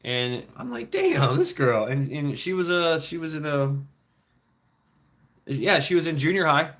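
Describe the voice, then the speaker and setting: A man's voice: fairly high pitch, sing-song, a little slow, a bit bright. Rambling, profane storytelling man. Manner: profane, rambling, frequent restarts and laughs. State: foot injured, limping.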